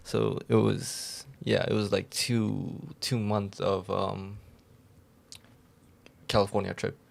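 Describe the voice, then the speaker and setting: A young man with a low, gravelly voice, not a native English speaker, rambling through a story on a casual podcast. He restarts his sentences often and keeps a relaxed, chatty pace. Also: slow. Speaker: podcast co-host.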